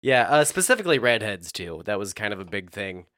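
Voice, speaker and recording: A man's voice: lowish voice, sing-song, brisk, fairly bright tone, no echo, clean studio sound. A man hosts a casual podcast, his voice rising and falling widely as he banters. He laughs often and swears freely. The talk is loose and crude. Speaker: podcast host.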